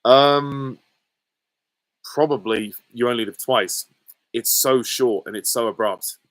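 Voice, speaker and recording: A man's voice: mid-range voice, slow, a bit bright, no room sound, low-quality recording. A man from England hosting a casual Q and A, answering viewer questions in a hesitant, rambling way full of ums and small laughs. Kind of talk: casual Q and A chat.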